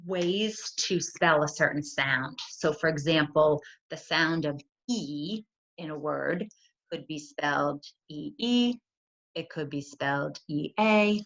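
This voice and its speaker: A middle-aged woman, a school curriculum coordinator, talks parents through spelling strategies in a conversational way, often checking in with "right?". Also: on the low side. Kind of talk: friendly teaching walkthrough for parents. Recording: dull lo-fi computer audio.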